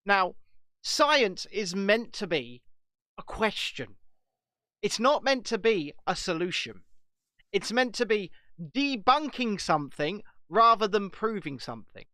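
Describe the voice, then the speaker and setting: British male co-host, high-pitched, animated storyteller, dry close sound. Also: a little slow, dry recording. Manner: animated, laughs at own stories. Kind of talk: casual chat.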